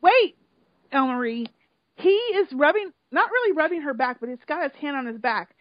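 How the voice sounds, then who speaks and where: Animated high-voiced woman retelling a story. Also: normal speed, no room sound. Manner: animated, emotional storytelling with swearing. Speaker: podcast co-host recapping a reality show. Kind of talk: casual chat. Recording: dull lo-fi sound.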